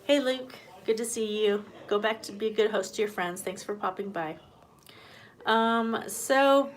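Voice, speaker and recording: In this casual live-stream chat, the homesteading host talks in a medium-pitched voice with slight background noise. She keeps it loose, greeting commenters and laughing easily.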